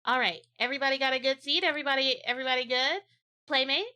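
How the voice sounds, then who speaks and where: A woman's voice: high voice, very fast, bright, forceful tone. A woman streamer chatting casually on a watch-along stream, rambling playfully into silly bits.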